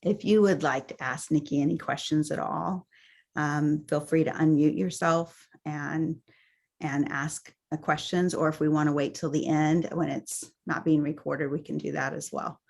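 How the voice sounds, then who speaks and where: A woman's voice: low-pitched, fairly even intonation, normal speed, creaky. A woman hosting a team video call, emotional and hesitant as she thanks a speaker and introduces the next. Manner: warm, emotional, hesitant with ums. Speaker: meeting host.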